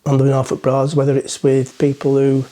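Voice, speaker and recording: A man's voice: medium pitch, completely flat delivery, moderate pace, dark tone. A middle-aged man, rambling through a joke as he talks to the camera from the front of a boat. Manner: rambling, self-mocking, chatty. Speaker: vlogger. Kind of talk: casual chat to camera, joke-telling.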